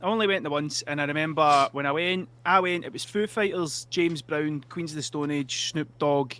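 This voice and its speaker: A man with a slightly high voice, chatting on a podcast. He recounts old memories in a relaxed, plain way. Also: moderate pace. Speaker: podcast host. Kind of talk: casual chat.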